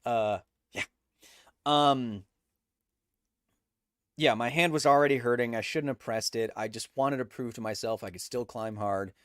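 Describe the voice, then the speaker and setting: A man's voice: medium pitch, unhurried, long pauses, no room sound, studio quality. A man hosting a livestream, chatting casually and rambling with lots of fillers and restarts. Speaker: host.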